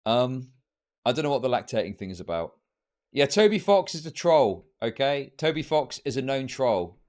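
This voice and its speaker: A man streaming live, talking at a middling pitch with scorn and plenty of fillers. His commentary rambles, circling back on itself as he goes. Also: very animated, moderate pace, a little mellow.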